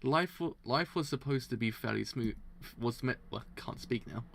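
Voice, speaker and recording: A man reading a manga aloud for a live reaction, often tripping over words and restarting, excitable and quick to laugh. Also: mid-range voice, creaky, a little hiss or hum.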